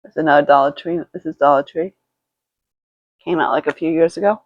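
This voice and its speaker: A woman's voice: sits low, steady tone, a little fast, no room sound. Rambling, foul-mouthed woman vlogger. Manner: rambling, profane storytelling with many restarts. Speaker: beauty vlogger. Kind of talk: casual chat while doing makeup. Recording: dull lo-fi, dry sound.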